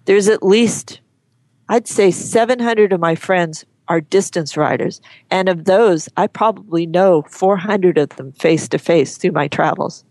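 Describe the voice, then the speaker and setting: A woman guest on an interview show, talking frankly and chattily, often pausing and restarting her sentences. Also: fairly low pitch, a little mellow, no room sound. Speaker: guest, horse photographer. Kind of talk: casual interview chat.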